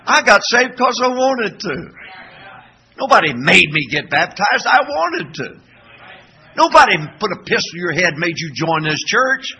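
An older man preaching a sermon as pastor, asking the congregation to call back answers and breaking into shouts. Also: sits high, a little slow, rough recording. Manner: animated preaching with call-and-response questions; sudden shouting bursts.

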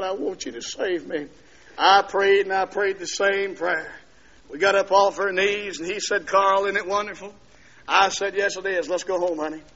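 High, bright-voiced shouting revival preacher. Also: male voice, dull audio. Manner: storytelling, swings into loud shouting preaching. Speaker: preacher giving his testimony. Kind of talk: revival sermon testimony. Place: church service.

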